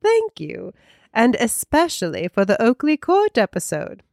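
A gushing, posh British lady with an exaggerated, sing-song lilt that swoops up high, as a woman puts her on. The voice climbs well above the speaker's own pitch and stays bright. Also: huge pitch swings, measured pace, creaky, dry recording, studio quality, heavily acted. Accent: put-on posh British.

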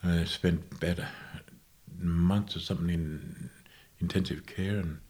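A man, a guest musician, recalling his past in a casual interview with unhurried, halting, self-correcting speech. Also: deep voice, fairly even intonation, a little mellow. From Australia.

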